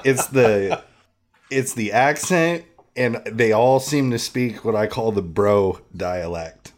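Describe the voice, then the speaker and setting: A man's voice: fairly low pitch, lively intonation, slow. A man co-hosting a podcast in casual chat, cutting in with short wry remarks. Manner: brief wry interjections. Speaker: podcast co-host.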